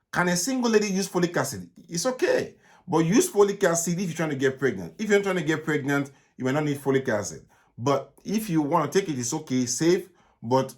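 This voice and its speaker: Nigerian male doctor, fairly high-pitched, fielding live questions, brisk and repetitive. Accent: Nigerian English. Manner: brisk, repetitive advice with frequent "okay?". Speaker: gynaecologist answering live viewer questions. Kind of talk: live Q&A stream.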